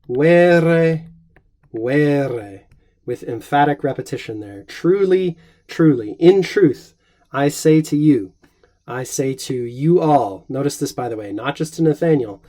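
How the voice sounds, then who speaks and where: A middle-aged man teaching a Latin lesson, measured and encouraging, reading Latin phrases aloud slowly. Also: mid-range voice, a little mellow.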